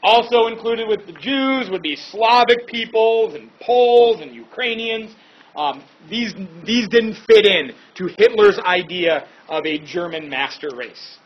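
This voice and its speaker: A man with a high, husky voice gives a relaxed history lecture, full of chatty asides and casual fillers. The recording sounds dull and lo-fi. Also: unhurried. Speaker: history teacher.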